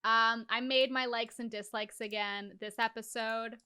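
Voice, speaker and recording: A woman's voice: fairly high pitch, fairly even intonation, unhurried, sharp tone, clear, resonant tone, no echo, studio quality. A woman co-hosting a podcast in casual recap chat, candid and blunt, swearing now and then. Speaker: podcast co-host.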